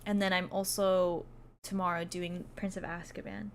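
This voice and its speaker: A woman's voice: lowish voice, level tone, normal speed, a little hiss or hum. A woman streamer chatting casually, reading out her viewers' messages and laughing often as she thanks them.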